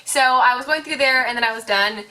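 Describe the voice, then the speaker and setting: A chatty teenage woman telling a storytime vlog, her voice sitting a little high and sounding very bright. She rambles along animatedly, with "like" in nearly every phrase. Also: a little fast. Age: late teens. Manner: chatty, heavy use of "like", animated retelling. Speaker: vlogger.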